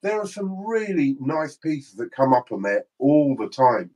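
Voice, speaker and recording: A man's voice: mid-range voice, sing-song, measured pace, darkish tone, highs cut off. An English man co-hosting a casual livestream, reading out viewer comments and laughing easily. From England. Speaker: livestream co-host.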